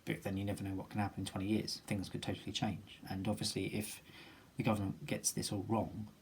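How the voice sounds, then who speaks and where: A man from Britain muses aloud in a casual vlog, circling back with ums and restarts. His pitch sits in the middle of the male range. A clear hiss runs under the homemade recording. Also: flat delivery, brisk, poor audio. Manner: rambling, many ums and restarts, musing aloud. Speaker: vlogger. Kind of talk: casual personal video diary.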